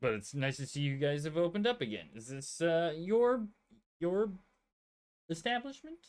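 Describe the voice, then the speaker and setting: A man voicing a friendly stranger in black leather armor at a tavern, with a halting delivery that breaks into chuckles. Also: fairly high pitch, very animated, pitched above the performer's own voice. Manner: halting, chuckling between words. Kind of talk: tabletop role-play.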